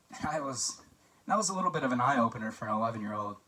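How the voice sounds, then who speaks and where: A young man delivering a mock wedding toast, loose and joking as he tells stories about an old friend. His voice is bright and forward, and he sounds a little off the mic, as if standing back from it. He talks casually, with frequent fillers. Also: mid-range voice, expressive, quick pace, far from the mic, a little hiss or hum, poor audio. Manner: chatty and joking, with filler words and anecdotes.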